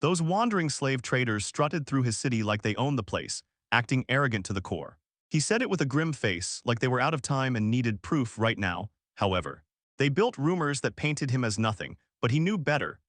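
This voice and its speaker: Lively man narrating a story recap. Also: medium pitch, no echo, clean studio sound. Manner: punchy, slangy retelling with quick restarts.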